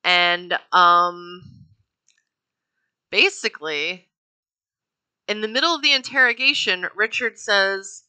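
A woman's voice: medium pitch, slow, long pauses, pushed and bright, clear, resonant tone. A woman casually telling a true crime story, chatty and profane with wry asides. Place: home.

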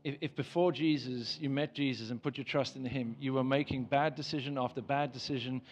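A man preaching in church, earnest and direct, with a voice at a middle pitch. He stumbles over restarts, then pushes into emphatic bursts. The recording of the service sounds a little dull. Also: steady tone, a little fast, slight background noise. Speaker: pastor. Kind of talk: sermon.

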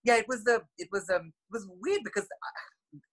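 A man's voice: sits high, normal speed, fairly bright tone, poor audio. A man from India, a dancer guest on a podcast, telling stories expressively with many fillers and restarts. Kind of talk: casual interview storytelling.

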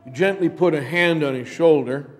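A man preaching a sermon as pastor, telling a story in a slow, measured way. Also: on the high side. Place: church sanctuary. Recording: long church reverb.

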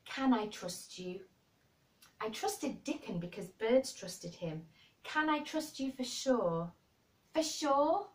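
A woman's voice: medium pitch, lively intonation, lightly acted. A woman voicing a blunt, plain-spoken girl who talks frankly and earnestly. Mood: urgent. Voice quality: frank and brisk. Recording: roomy and distant.

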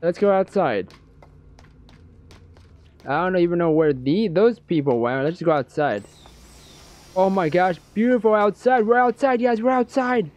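Excitable man doing let's play commentary. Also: high voice, a little slow, long pauses, lo-fi sound. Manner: excitable, jokey, talks to himself. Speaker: game streamer.

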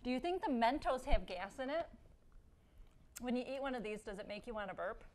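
A woman with a somewhat high voice hosts a science show. She walks a young helper through an experiment, asking question after question in a playful teacher's manner and often breaking into laughter. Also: expressive, fairly quick, darkish tone. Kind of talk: hands-on science demonstration for a young assistant.

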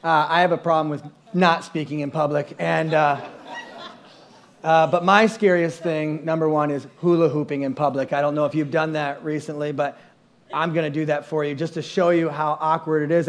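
A middle-aged male pastor with a high, light voice, preaching from a church stage. He tells comic stories about himself, jumps into little voices and sound effects, and pokes fun at his own habits. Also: a little fast. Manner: animated, self-mocking, acts out voices and sounds. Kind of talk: storytelling sermon.

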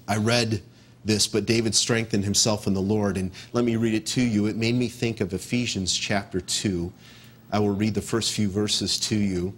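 A man preaching a verse-by-verse sermon as pastor, repeating key phrases with emphasis and dropping to a hush to stress a point. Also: lowish voice, fairly even intonation, unhurried, a little hiss or hum. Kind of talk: expository sermon.

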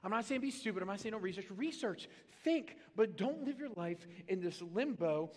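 A man preaching a sermon as pastor, animated and comic, swinging into loud excited bursts. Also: high voice, moderate pace, few pauses. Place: church auditorium. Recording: long reverb of a large hall.

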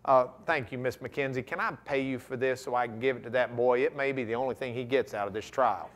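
A man's voice: mid-range voice, a little fast, lightly acted. A man putting on the voice of a folksy, sly small-town lawyer who pleads in a drawling Texan accent. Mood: pleading. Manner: drawling, ingratiating.

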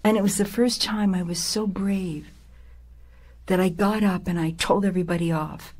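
A woman's voice: medium pitch, fairly even intonation, moderate pace. An older woman telling her own life story with feeling, now and then dropping to a whisper for weight. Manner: emotional, dramatic, drops to a hushed whisper. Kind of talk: personal life story told to an audience.

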